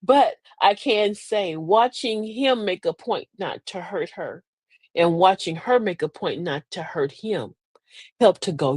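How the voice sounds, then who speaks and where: A woman's voice: on the low side, expressive, unhurried, a little mellow, breathy edge, no room sound. A middle-aged woman hosting a live motivational talk, folksy and preachy, with emphatic delivery. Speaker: host.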